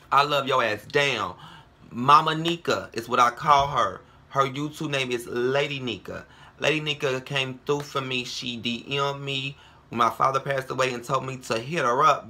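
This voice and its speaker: Brash man ranting profanely, bright voice. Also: mid-range voice. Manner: brash, heated, profane, calls viewers girl and ho. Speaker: vlogger. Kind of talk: profane casual vlog rant.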